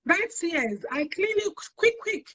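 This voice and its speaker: A woman's voice: very high voice, sing-song, unhurried, pushed and bright. A woman, a talk show guest, telling her own story in an earnest way and repeating phrases for emphasis. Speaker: guest sharing personal experience. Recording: dull lo-fi sound.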